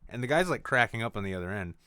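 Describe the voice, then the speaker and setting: A man's voice: lowish voice, lively intonation, rapid-fire, bright, forceful tone, clear, resonant tone, no echo, studio quality. A man hosting a podcast, telling rambling stories in casual chat. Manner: rambling storyteller who acts out voices. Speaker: podcast host.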